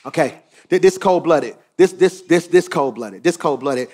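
A male pastor preaching a sermon, swinging from quiet asides to shouted emphasis and repeating phrases for effect. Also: mid-range voice, brisk, few pauses.

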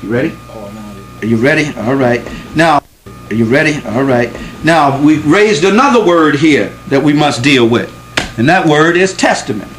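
Man, lecturer, fairly high voice, very lively pitch, emphatic, quizzes the room. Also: normal speed, music in the background, poor audio. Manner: emphatic, asks the audience questions and repeats for stress. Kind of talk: classroom lecture to a live audience.

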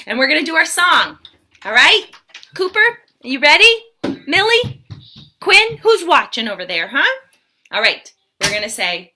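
High, lively children's entertainer woman. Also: a little slow. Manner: sing-song, exaggerated, talking to small children. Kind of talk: live-stream story time for preschoolers.

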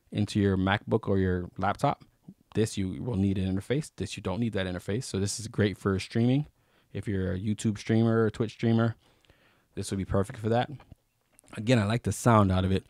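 A man's voice: on the low side, darkish tone, no echo, clean studio sound. A man casually reviewing microphones on camera, rambling with fillers and restarts. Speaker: YouTube gear reviewer. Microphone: close studio microphone.

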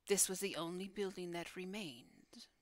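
A woman voicing a solemn female dragon guardian in a hushed, breathy whispered role-play. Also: fairly low pitch, normal speed, no echo, natural voice.

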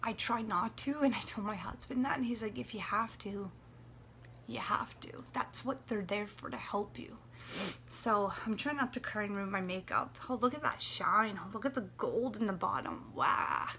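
A woman in her late twenties, talking in a personal vlog, anxious and near tears, with a dry throat, halting and often dropping to a whisper. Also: medium pitch, bright, forceful tone, a little hiss or hum. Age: 20s. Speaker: vlogger. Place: warm apartment room.

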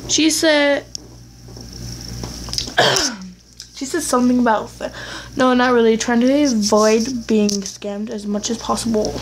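A woman with a fairly high voice chats through a game recording at an unhurried pace. She rambles, talks to herself and speaks bluntly, and a faint hiss sits under her voice. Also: low-quality recording. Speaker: gaming YouTuber. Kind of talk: casual gameplay commentary.

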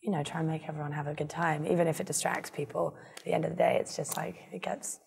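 A woman's voice: low-pitched, fairly even intonation, fast talker, gravelly, a little mellow, big-room sound. A woman in her twenties, the guest in a casual interview, rambling with lots of fillers. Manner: rambling, filler-heavy, self-deprecating.

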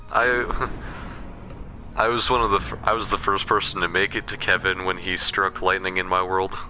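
A young man giving casual, excitable gameplay commentary and talking playfully to game characters. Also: low voice, a little fast, faint music behind. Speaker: gaming commentator.

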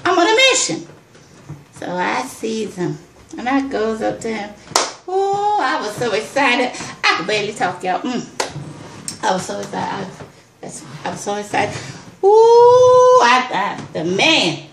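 Lively woman vlogger telling a story. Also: medium pitch, a little slow, gravelly, roomy sound, slight background noise. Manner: animated, exclaims and repeats lines, addresses viewers as y'all. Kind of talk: excited personal storytelling.

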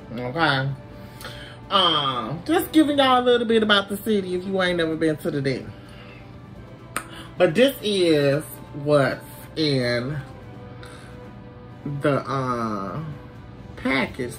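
A woman with a Southern twang talks loosely to her camera audience, a little tipsy, swearing freely and calling everyone y'all. Her voice sits fairly low but swings widely in pitch. Faint music plays behind her. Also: fairly bright tone. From Detroit, USA. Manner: chatty, profane, addresses viewers as y'all. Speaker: beauty vlogger. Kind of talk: casual unboxing chat.

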